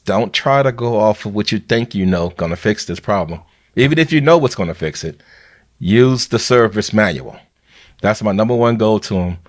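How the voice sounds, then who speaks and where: A man's voice: fairly low pitch, expressive, moderate pace. A man, a biomed manager and podcast host, giving earnest, heartfelt advice in a casual podcast chat.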